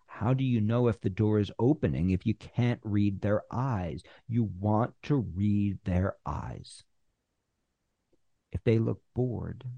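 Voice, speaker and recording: A man teaching screenwriters how to pitch, acting out both sides of a pitch meeting and pausing on purpose. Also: creaky, dark tone, breathy edge, dry recording, muffled recording. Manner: uses deliberate pauses. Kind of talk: instructional talk.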